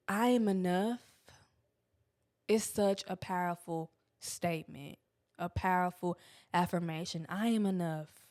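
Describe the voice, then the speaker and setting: A woman's voice: mid-range voice, a little mellow. A young woman hosting a podcast, talking candidly about self-help in a casual, blunt way, swearing freely and stretching words for emphasis. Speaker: podcast host.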